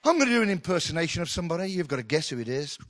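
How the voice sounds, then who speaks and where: Guy preaching, kinda high voice, lively and chatty, jokes around. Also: rapid-fire, slight background noise. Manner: animated, conversational preaching with humour. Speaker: pastor. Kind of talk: sermon.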